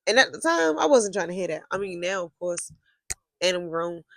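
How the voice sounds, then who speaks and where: A woman's voice: fairly low pitch, very animated, moderate pace, creaky. A young woman telling a storytime vlog in a casual, blunt and profane way, with heated outbursts. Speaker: vlogger.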